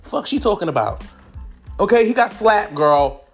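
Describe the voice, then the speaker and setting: Animated, swooping male gossip commentator. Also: normal speed, soft background music. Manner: animated, profane, swooping pitch for emphasis. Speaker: commentary vlogger. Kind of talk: casual celebrity gossip commentary.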